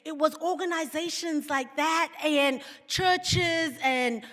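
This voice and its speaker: A South African woman giving a keynote speech, deliberate, dropping into mocking voices when she quotes others. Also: high-pitched, a bit bright. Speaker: keynote speaker. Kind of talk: public speech. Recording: reverberant hall.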